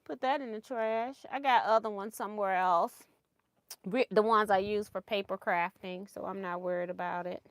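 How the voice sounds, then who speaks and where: A woman's voice: mid-range voice, steady tone, normal speed, no echo, clean studio sound. A woman hosting a casual sewing livestream, chatty and laughing often as she thinks aloud over her project.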